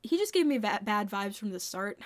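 Young woman, podcast co-host, teasing and laughing, mid pitch, dry sound. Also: very animated, moderate pace, dry recording. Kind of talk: casual book chat.

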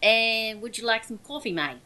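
A woman voicing a female coffee server in a put-on Australian accent, repeating a deadpan offer. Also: on the high side, normal speed.

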